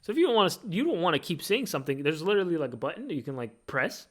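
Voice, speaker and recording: A man hosting his own podcast, talking in an animated, rambling casual monologue full of fillers. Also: fairly high pitch, racing. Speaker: podcast host.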